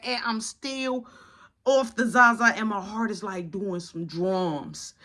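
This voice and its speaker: A man telling a casual storytime in an animated, slangy, dramatic style. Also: high-pitched, measured pace.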